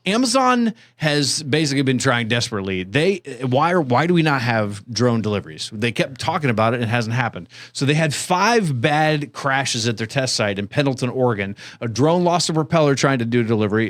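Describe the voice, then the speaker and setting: A man co-hosting a podcast in casual comedic chat, rambling and interrupting himself with quick asides. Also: medium pitch, very animated, dry recording. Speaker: podcast co-host. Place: co-working space.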